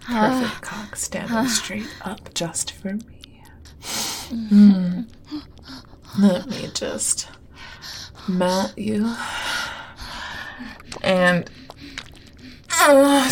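A woman voicing a shy, eager young woman in an adult audio role-play, hesitant and breathy, with many fillers. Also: a little high, steady tone, drawn-out words, pauses often, a little hiss or hum.

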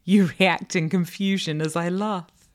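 A woman's voice: fairly low pitch, steady tone, a little slow. A woman narrating a second-person erotic audio role-play in a teasing, commanding manner, sometimes dropping to a whisper.

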